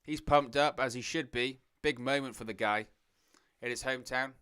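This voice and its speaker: A man hosting a live watch-along, talking in a chatty, off-the-cuff way as he reacts and addresses his viewers. His voice is bright and forceful, with a crisp, smooth clarity. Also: mid-range voice, fairly even intonation, normal speed. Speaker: host of a wrestling watch-along stream. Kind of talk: live watch-along commentary, reading chat.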